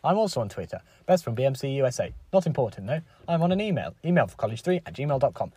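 A man's voice: medium pitch, big pitch swings, fast talker, mellow, breathy edge, no echo. A man co-hosting a podcast in casual chat, joking and bantering playfully. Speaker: podcast co-host.

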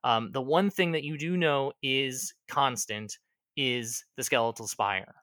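A man running a tabletop role-playing game as game master, describing scenes at an unhurried pace with frequent ums. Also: mid-range voice, sharp tone, no room sound, clean studio sound.

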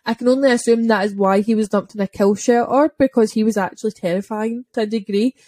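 A young Scottish woman, a dog trainer, chatting casually on a podcast and telling lively stories, acting out quick voices and swearing freely. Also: on the high side, no echo. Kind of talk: casual chat.

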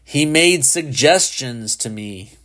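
A defiant delinquent boy snarls and hisses his accusations, slow and venomous, pitched well above the reader's low voice, as a man puts him on. He sounds like a storybook troublemaker with a bitter grudge. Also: lively intonation, sharp tone.

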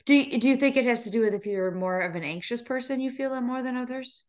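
A woman's voice: a little high, fast. A woman wellness coach co-hosting a podcast, chatting in a playful, reassuring, talkative way. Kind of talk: casual podcast chat.

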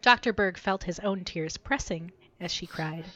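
A woman co-hosting a podcast, reading a story aloud with lively expression and joking banter. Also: on the low side, moderate pace. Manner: expressive, giggly.

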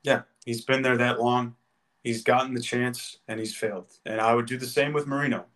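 Guy on a podcast arguing football hard, gets worked up, normal pitch. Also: steady tone, normal speed, a bit bright. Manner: passionate, emphatic arguer. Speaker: podcast co-host. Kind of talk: casual sports debate.

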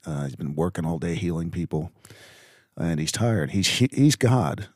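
Low-voiced man hosting a faith podcast. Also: expressive, a little mellow, no room sound, clean studio sound. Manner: earnest, halting, with many fillers. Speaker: podcast host. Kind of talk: reflective faith podcast talk.

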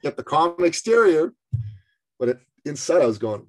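A middle-aged man from Canada telling a personal story in conversation, animated and acting out the voices of others. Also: a little high, normal speed. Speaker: speaker and business coach.

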